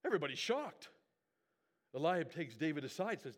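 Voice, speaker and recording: A man delivers a sermon, retelling a Bible story with animation and chatty check-ins to his listeners. His voice sits slightly high and swings widely in pitch as he dramatizes each beat. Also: a little slow, long pauses. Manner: animated storyteller with conversational asides. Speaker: pastor.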